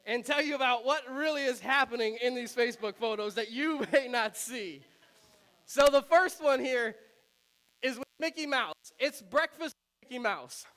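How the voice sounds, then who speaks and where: A pastor with a very high voice preaches a conversational sermon, relaxed and chatty, often laughing and saying "um" frequently.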